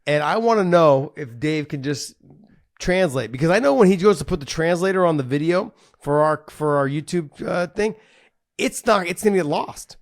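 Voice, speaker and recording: A man co-hosts a fight podcast in loose, casual chat. He tells stories with lots of energy and swears freely. His voice sits a little high. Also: normal speed. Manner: animated storyteller, swears freely. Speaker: podcast co-host, former fighter.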